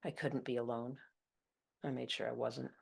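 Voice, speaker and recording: A woman's voice: extremely low pitch, flat delivery, normal speed, gravelly, breathy edge. Woman reading a confessional story. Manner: confessional, intimate, blunt. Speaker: narrator of her own serial story. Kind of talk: first-person story reading.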